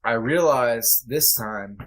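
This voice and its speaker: His mid-range voice is a bit bright as he talks candidly on a podcast as a guest. He comes across earnest and halting, reflecting and restarting often.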